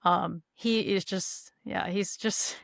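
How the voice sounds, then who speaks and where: Gravelly-voiced woman, enthusiastic podcast guest. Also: mid-range voice, fairly even intonation, a bit bright, no echo, studio quality. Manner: enthusiastic, laughs often, halting restarts. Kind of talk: casual podcast discussion.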